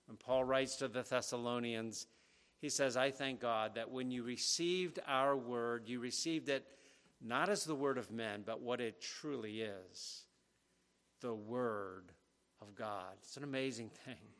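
Slow, emphatic male preacher. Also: medium pitch, fairly bright tone. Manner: earnest, emphatic, stresses key phrases. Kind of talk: expository sermon.

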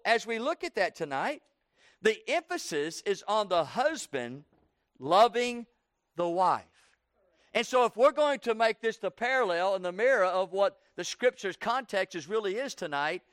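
A man delivers an evening sermon in call-and-response style, repeating lines rhythmically, asking the congregation "Amen?" and building to a fervent pitch. His voice swings widely in pitch at a measured pace with a fairly bright tone. The studio recording is clean, with no room sound.

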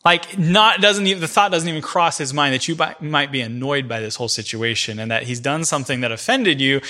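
A man's voice: fairly high pitch, brisk, pushed and bright. A man teaching a church class in a conversational way, telling a vivid everyday story in the second person and speaking directly to the people in the room. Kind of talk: conversational teaching before a congregation.

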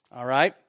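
Man, pastor, expository sermon, slow unhurried delivery, conversational, playful sarcasm. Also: fairly bright tone. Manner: conversational, asks the audience "right?" and "okay?" often; acts out imagined dialogue with playful sarcasm.

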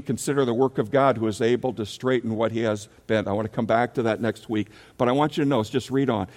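Low-voiced pastor preaching in a reverberant hall. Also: male voice. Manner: storytelling, animated when acting out a scene. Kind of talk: sermon. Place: church sanctuary.

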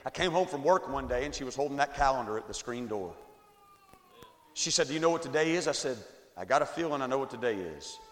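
A man in his forties giving a testimony sermon, swinging from quiet storytelling to shouted climaxes, recorded in an echoey church hall. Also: mid-range voice, expressive, fast. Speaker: evangelist. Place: church sanctuary.

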